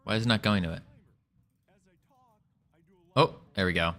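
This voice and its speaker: A man speaks in a fairly low, fairly bright voice at a normal speed. He's live-streaming his game development, muttering as he reads through code and making self-deprecating jokes in casual live coding commentary.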